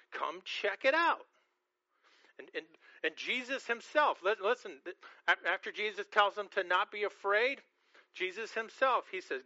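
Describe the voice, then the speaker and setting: An earnest sermon comes from a male pastor whose voice is high and bright; he repeatedly stumbles over the first word of phrases and asks listeners questions throughout. The sound is dry, a little dull, with no echo.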